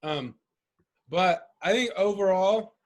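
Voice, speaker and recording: A man's voice: sits high, takes it slowly. A man co-hosting a casual podcast chat, rambling and profane, often laughing. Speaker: podcast co-host.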